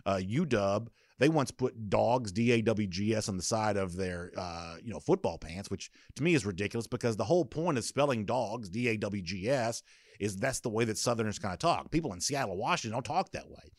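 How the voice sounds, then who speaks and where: A man's voice: lowish voice, expressive, brisk, dry recording, clean studio sound. A man hosting a sports podcast, giving opinionated, conversational commentary with frequent fillers and restarts.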